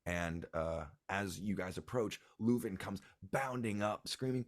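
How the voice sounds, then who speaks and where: Male game master with a very low voice, narrating a tabletop game with halting, filler-heavy delivery. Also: no echo, studio quality. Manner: hesitant, full of ums and uhs.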